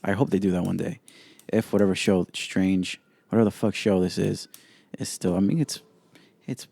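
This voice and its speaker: A man hosts his own podcast alone, his voice pitched low with a warm, mellow tone. He talks bluntly and swears freely, firing off strong opinions. The recording is dry and close. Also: normal speed, vocal fry, no echo. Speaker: podcast host. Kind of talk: casual solo podcast commentary.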